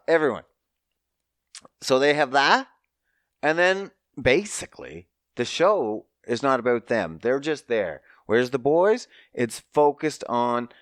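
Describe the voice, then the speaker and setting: A man hosting a casual podcast, telling a story with mocking high-pitched asides and swearing. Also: clear, resonant tone, dry recording, studio quality. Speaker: podcast host.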